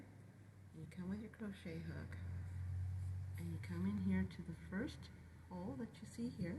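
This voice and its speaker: A woman's voice: medium pitch, slight background noise, poor audio. A woman teaching how to make tassels, talking through each step of a hands-on demonstration. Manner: step-by-step, repeats "you're gonna". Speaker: knitting instructor.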